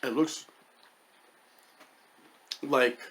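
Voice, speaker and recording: A man's voice: mid-range voice, steady tone, very slow, fairly bright tone. A man casually reviewing chocolates as the host of his own channel, wry and hesitant, muttering as he tastes. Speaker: food reviewer.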